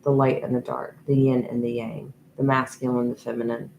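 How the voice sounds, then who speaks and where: A woman giving a channeled tarot reading, talking slowly and meandering with many ums and restarts. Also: extremely low pitch, level tone, gravelly, darkish tone, slight background noise, low-quality recording. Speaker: tarot reader. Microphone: USB microphone.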